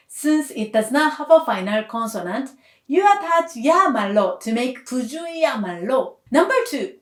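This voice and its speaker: A woman language teacher giving a scripted grammar lesson, explaining each point clearly and patiently. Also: on the high side. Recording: echoey room.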